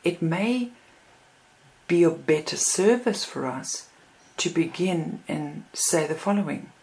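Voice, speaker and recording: A woman teaching how to read a card deck, in a calm, reflective way, reading sample card readings aloud. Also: low-pitched, slow. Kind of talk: instructional talk.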